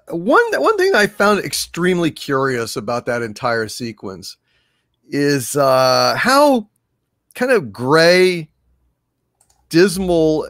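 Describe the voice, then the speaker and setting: A man's voice: medium pitch, a bit bright, no room sound. Wry, hesitant man on a dry mic. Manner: wry, hesitant, with many "uh" pauses. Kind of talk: casual chat about a film.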